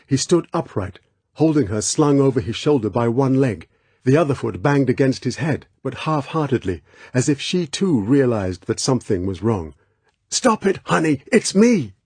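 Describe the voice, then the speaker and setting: A man reading an audiobook aloud as scripted narration in a measured, tense way. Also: medium pitch, lively intonation, darkish tone, slightly rough, no echo. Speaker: audiobook reader.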